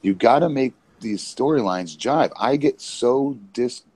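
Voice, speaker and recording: A man's voice: mid-range voice, expressive, a little slow, darkish tone, breathy edge, dry recording, low-quality recording. A man co-hosting a wrestling podcast, talking casually and rambling with many restarts. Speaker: podcast co-host, former independent wrestler.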